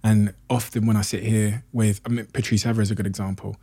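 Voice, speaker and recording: A man hosting a podcast, asking long, measured questions and retelling stories to set them up. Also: on the low side, level tone, mellow, breathy edge. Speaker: podcast host interviewer. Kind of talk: in-depth interview questions.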